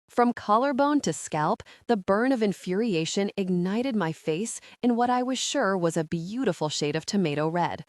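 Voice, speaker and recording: A woman narrating a first-person audiobook with an expressive, measured reading. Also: fairly low pitch, dry recording, studio quality.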